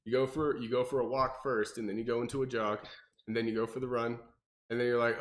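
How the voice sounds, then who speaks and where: A man, a personal trainer co-hosting a podcast, talking casually and animatedly with lots of fillers and restarts. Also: fast talker. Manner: animated, mimics people in exaggerated high voices, many fillers and restarts.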